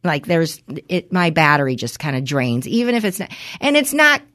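A woman co-hosting a podcast, telling a story in casual chat, acting out the quoted exchanges with lively shifts and swearing freely. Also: deep voice, moderate pace. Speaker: podcast co-host.

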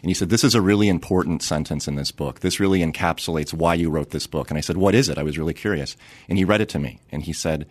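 A man in his forties, a psychiatrist and author, speaking in a measured, earnest and emphatic way as an interview guest. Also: extremely low pitch, no echo. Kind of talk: interview conversation.

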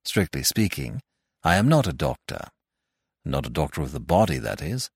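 A man reading a story aloud, voicing a calm, wry older doctor who speaks soothingly and matter-of-factly. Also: rumbling low, breathy edge, no room sound, pitched below the performer's own voice, full character voice. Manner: soothing, unhurried, matter-of-fact.

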